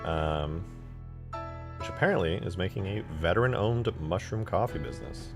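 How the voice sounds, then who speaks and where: A man live-streaming, chatting casually and excitedly with his viewers while eating and reacting to videos. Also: low voice, normal speed, music in the background. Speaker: livestreamer reacting to game mod videos.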